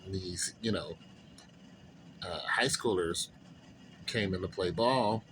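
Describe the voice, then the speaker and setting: A man's voice: low voice, takes it slowly, fairly bright tone, slight background noise, low-quality recording. A man talking straight to his viewers in a casual monologue, earnest and rambling, with many fillers and restarts. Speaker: vlogger.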